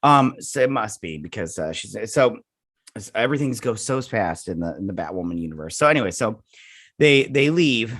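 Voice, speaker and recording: A man's voice: lowish voice, animated, moderate pace, fairly bright tone. A man hosting a casual episode review, recapping scenes in a sarcastic, exasperated ramble full of fillers. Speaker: TV show reviewer and host.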